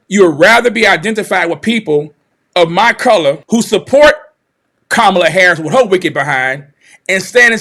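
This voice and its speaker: A channel host with a high-pitched, somewhat bright voice delivers heated, confrontational commentary on a livestream. He sounds preachy and repeats phrases for emphasis.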